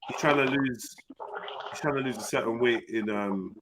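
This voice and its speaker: A man's voice: mid-range voice, normal speed. Laid-back British man, noisy line. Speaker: panel host. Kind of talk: casual chat.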